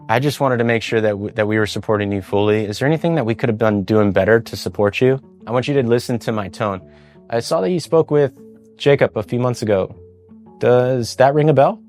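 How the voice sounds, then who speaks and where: A man leading a sales training talk, coaching in a conversational way and acting out sample call scripts. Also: on the low side. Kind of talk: sales training talk with role-play demos.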